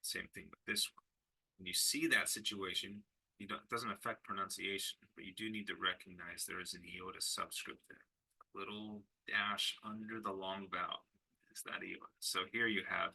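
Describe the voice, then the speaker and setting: A man's voice: low voice, fairly even intonation, normal speed, creaky, pushed and bright, breathy edge. A middle-aged man teaching a language lesson, patiently sounding out syllables and correcting himself as he goes. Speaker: Greek teacher. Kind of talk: screen-recorded lesson.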